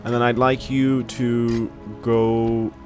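A man's voice: medium pitch, level tone, slow, darkish tone, faint music behind. A man giving casual, jokey commentary while he plays a video game, talking back to the characters and reading the game text aloud. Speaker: gaming video creator. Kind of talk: casual let's play commentary.

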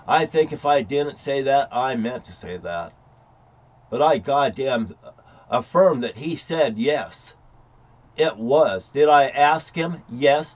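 Older male vlogger, furious profane rant, slightly high voice, volume swings. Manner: heated, profane, repetitive; swings between loud outbursts and low mutters. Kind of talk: angry rant to camera.

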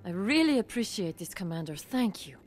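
A worried clinic doctor with an accent. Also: female voice, medium pitch, very animated, a little fast, soft background music. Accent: foreign-sounding accent. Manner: anxious, earnest. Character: woman doctor running a clinic, worried and blackmailed.

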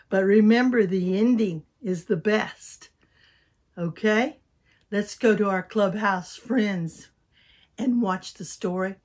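An older woman telling a Bible story to small children, coaxing them to answer and repeat after her, whispering for sad parts and shouting for happy ones. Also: medium pitch. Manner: coaxing call-and-response with little children; drops to a whisper and rises to shouts for feeling.

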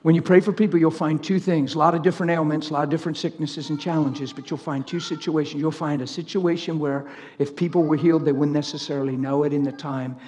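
A man preaching a sermon full of stories, animated, swinging from loud laughter to near whispers. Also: a little high, fast, few pauses, long reverb tail, a little hiss or hum. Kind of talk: sermon with storytelling.

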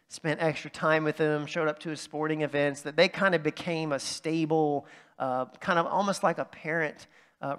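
A man's voice: a little high, fairly bright tone. A man preaching a sermon as pastor, telling a story in a casual, conversational way with fillers. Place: church sanctuary. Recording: long reverb of a large church.

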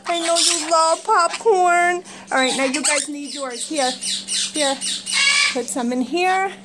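Brief: woman pet owner, very high lilting baby talk, unhurried, loud squawking birds in the room. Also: very noisy. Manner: sing-song baby talk to her pets. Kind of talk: casual pet-talk vlog. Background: loud bird squawks.

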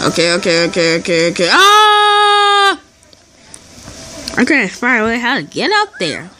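A woman giving casual let's-play commentary over a game, excitable and shouting and cheering as she plays. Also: a little high, a little slow. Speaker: gameplay commentator. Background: game music.

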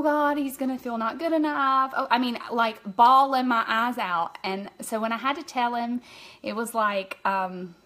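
Woman, fairly high voice, chatty, emotional, live-stream makeup host, greets viewers by name. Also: a bit bright. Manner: emotional, open about feelings.

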